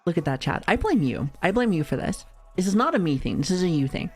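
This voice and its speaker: A woman's voice: fairly low pitch, very animated, fast, darkish tone, breathy edge, faint music behind. A woman streamer chatting casually with her viewers, playful and giggly, often laughing and swearing lightly. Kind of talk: casual live-stream chat.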